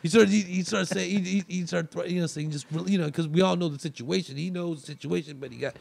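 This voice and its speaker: A man's voice: high voice, steady tone, fast talker, creaky, a little mellow. A male comedian guest on a podcast telling a story in a loose, rambling way with many restarts. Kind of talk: casual storytelling.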